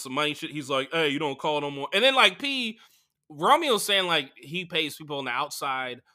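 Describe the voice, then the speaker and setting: Comedy podcast host, young man, very bright voice, slightly raised pitch, crude and animated delivery. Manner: crude, animated, full of fillers. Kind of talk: casual comedic storytelling.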